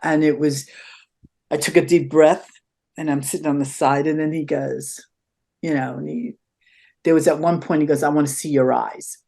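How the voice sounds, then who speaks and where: Low-voiced older woman telling stories. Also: moderate pace, vocal fry, long pauses. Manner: animated storyteller acting out quotes. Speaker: interview guest. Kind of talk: conversational storytelling interview.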